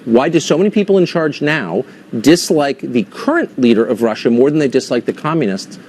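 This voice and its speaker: A man's voice: mid-range voice, expressive, a little fast, a little mellow, a little hiss or hum. A man hosting a cable news interview segment, asking pointed, skeptical questions. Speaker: host.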